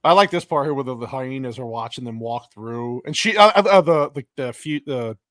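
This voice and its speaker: A man co-hosting a casual movie reaction chat, animated, swearing often and acting out characters' lines. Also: medium pitch, brisk. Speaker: podcast co-host.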